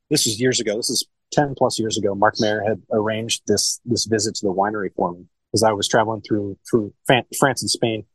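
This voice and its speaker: Casual swearing sommelier. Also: male voice, fairly low pitch, slightly rough, no room sound, rough recording. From Cincinnati, Ohio, USA. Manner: rambling, frequent restarts and casual swearing. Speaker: sommelier and wine shop owner. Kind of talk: casual interview conversation.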